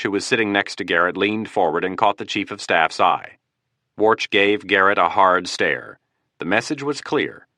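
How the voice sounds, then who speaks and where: A man narrating an audiobook thriller in a steady, measured way on a close mic. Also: low voice, no room sound.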